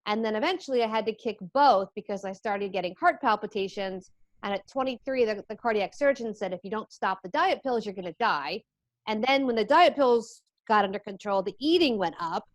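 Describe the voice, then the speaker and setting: A woman guest in an interview, telling her story in a lively, animated way. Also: medium pitch, fairly quick, dry recording. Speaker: interview guest, addiction coach.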